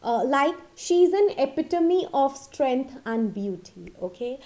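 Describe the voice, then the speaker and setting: A high-pitched woman teaches pronunciation in an unhurried, casual video lesson. She speaks slowly, fills pauses with "uh" and checks in with "okay?" and "all right?" as she goes. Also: big pitch swings, mellow. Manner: slow, with many fillers and checks like "okay?".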